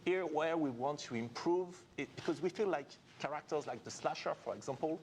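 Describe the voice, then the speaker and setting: A man's voice: fairly high pitch, animated, fairly quick, a little mellow, a little hiss or hum. A game developer, a man, patiently explaining design details in an interview.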